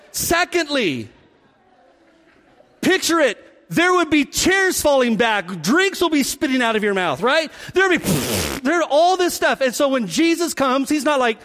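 A man's voice: very high voice, long reverb tail. A man preaching a sermon, acting out the scenes as he tells them. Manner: animated, acts out scenes with quick voice shifts. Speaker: pastor.

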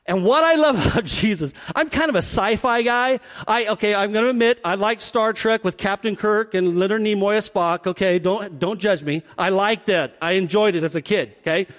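A man's voice: high-pitched, big-room sound. A man preaching a sermon, acting out the scenes as he tells them. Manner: animated, acts out scenes with quick voice shifts. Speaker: pastor.

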